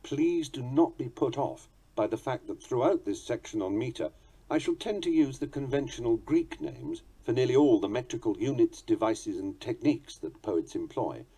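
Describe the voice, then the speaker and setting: A man reading a book on poetry aloud in a measured, articulate and playfully precise manner. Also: medium pitch, animated, dark tone, slightly rough. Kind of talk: audiobook narration.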